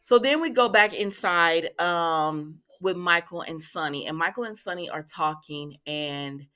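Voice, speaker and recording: A woman hosting a casual soap opera recap, chatting and acting out the characters' lines with lively reactions. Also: lowish voice, measured pace. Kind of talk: casual chat.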